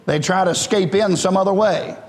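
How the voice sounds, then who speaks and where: Pastor, male, high tenor, fervent call-and-response preaching, reverberant church hall. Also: brisk. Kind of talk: sermon. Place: church sanctuary.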